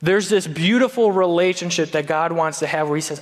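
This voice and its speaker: A man's voice: fairly high pitch, brisk, few pauses. Conversational preacher man in a reverberant hall. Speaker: pastor. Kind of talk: sermon.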